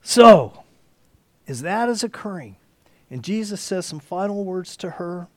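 A man preaching a sermon, dropping to whispers and rising to near shouts as he acts out the story. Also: high voice, animated, measured pace, no echo. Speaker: pastor.

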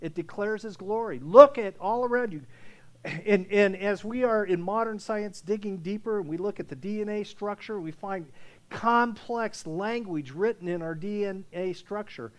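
A man preaching a sermon in a casual, conversational way, checking in with his listeners and rising to loud, emphatic scripture readings. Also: high-pitched, moderate pace. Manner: conversational preaching with frequent "okay?" check-ins. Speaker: pastor.

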